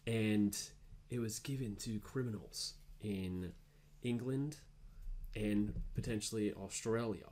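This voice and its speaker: A man's voice: lowish voice, slow, warm tone. A man hosting a podcast in casual chat, rambling with fillers and laughing at his own jokes. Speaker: podcast host.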